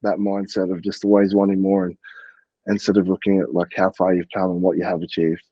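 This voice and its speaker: A man's voice: deep voice, little pitch movement, brisk, no room sound, lo-fi sound. A man, a podcast guest in casual chat, talking in an earnest, reflective way. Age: 30s. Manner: earnest and reflective, quotes himself.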